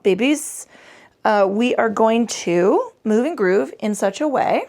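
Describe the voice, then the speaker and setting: Woman, yoga teacher, casual class, irreverent, profane, talkative, some vocal fry. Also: fairly high pitch, sing-song, a little slow. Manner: irreverent and profane, chatty with self-corrections. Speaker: yoga instructor. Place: home yoga space on a mat.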